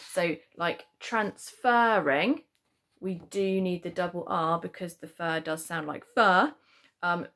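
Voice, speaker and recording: Gravelly teacher with British accent. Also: female voice, lowish voice. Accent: British English. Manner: patient, explaining with frequent "okay?" checks; stresses syllables slowly to demonstrate. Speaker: primary school teacher. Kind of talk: spelling lesson for children.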